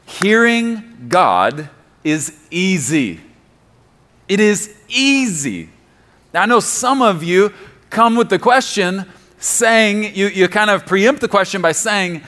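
A man's voice: high-pitched, big pitch swings, slow pace, a bit bright. A man preaching a sermon as pastor, emphatic and appealing directly to the congregation, repeating key phrases for stress.

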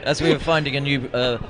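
Wry co-host, noisy background. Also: male voice, mid-range voice. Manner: teasing, wry. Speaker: podcast co-host. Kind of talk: casual podcast chat.

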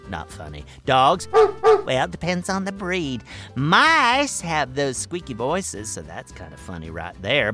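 A man voicing a boastful, excitable furry male cartoon hero who hosts a scripted children's radio show and talks in a bouncy, self-important way. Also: fairly high pitch, heavily acted.

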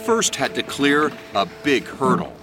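A man giving measured, dramatic scripted narration for a crime documentary. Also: mid-range voice, sing-song. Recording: music bed under the voice.

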